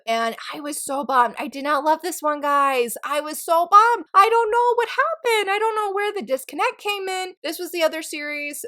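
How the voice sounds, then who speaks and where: Gushing young woman reviewing books. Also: fairly high pitch. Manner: gushing, animated, quick asides. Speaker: book reviewer. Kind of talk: casual reading wrap-up. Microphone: recording on an iPad.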